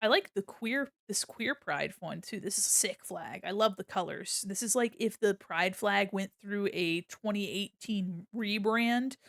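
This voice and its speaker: A woman's voice: mid-range voice, unhurried, vocal fry, few pauses, a bit bright, dry recording. Playful, laughing woman streamer, dry sound. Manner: playful, laughs often, swears casually. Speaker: streamer and illustrator. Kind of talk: casual chat while drawing on stream.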